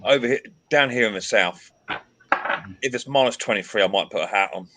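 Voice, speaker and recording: A man's voice: fairly low pitch, a little fast, noisy background. A man from England hosting a casual live stream chat, teasing his guests, greeting viewers by name and laughing often. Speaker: livestream host.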